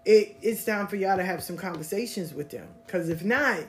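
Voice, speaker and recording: A woman hosting a podcast, telling personal stories in a casual, blunt, animated way and swearing freely. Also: medium pitch, normal speed, a little hiss or hum. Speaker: podcast host. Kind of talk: casual storytelling monologue.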